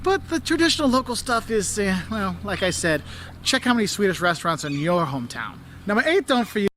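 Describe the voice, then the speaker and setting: Guy with a high voice giving travel tips, all excited, laughs a lot, faint hum behind. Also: brisk. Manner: enthusiastic, laughs often, does mock voices. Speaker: travel video host. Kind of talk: travel advice vlog.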